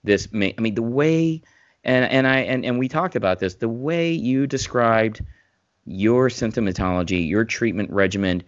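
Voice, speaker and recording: A man's voice: medium pitch, animated, normal speed, dry recording. A man co-hosting a casual podcast, talking in long rambling runs with many restarts that turn emphatic. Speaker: podcast co-host, former physician. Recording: dull dry remote mic sound.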